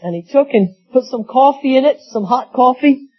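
A man's voice: extremely high pitch, expressive, normal speed, breathy edge. A man preaching a sermon, telling folksy stories with acted quotes. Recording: dull lo-fi sound.

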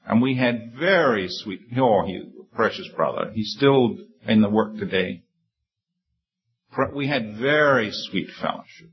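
A man preaches a sermon, reading scripture and sharing a personal story in an earnest, humble way, often restarting phrases and hitting emphatic high peaks. His voice is expressive, measured and slightly rough, on lo-fi sound.

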